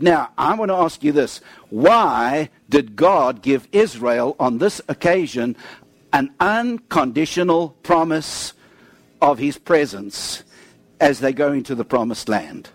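A man's voice: animated, slow, no echo. A man preaching a sermon, telling a story of talking with God and then reading scripture aloud, stressing key words and dropping his voice at the ends of phrases. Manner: emphatic, drops pitch at phrase ends; storytelling, quotes God in dialogue.

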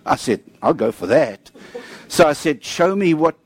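A man's voice: big pitch swings, unhurried, husky. A man preaching a sermon, telling a story of talking with God and then reading scripture aloud, stressing key words and dropping his voice at the ends of phrases. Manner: emphatic, drops pitch at phrase ends; storytelling, quotes God in dialogue.

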